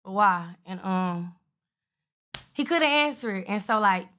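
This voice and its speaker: A woman rapper speaks in a relaxed, profane interview chat. She sits at a mid pitch for a woman and tells her stories bluntly, quoting other people as she goes. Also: unhurried. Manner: blunt, profane, retells exchanges with quoted voices. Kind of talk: casual interview storytelling.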